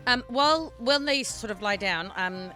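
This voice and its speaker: A woman's voice: fairly high pitch, expressive, moderate pace, sharp tone, soft background music. A woman playing a tabletop game, describing her character's actions chattily with filler ums. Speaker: player.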